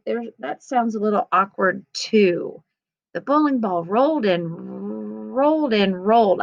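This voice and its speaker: A woman teacher gently talking young students through editing her writing, reading aloud patiently. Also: medium pitch, creaky, no room sound. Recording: slightly dull lo-fi sound.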